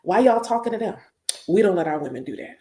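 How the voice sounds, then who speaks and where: A scornful male elder dismisses and scolds, as a woman puts him on. The voice sits a little low. The room around it is echoey. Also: animated, quick pace, warm tone, lightly acted.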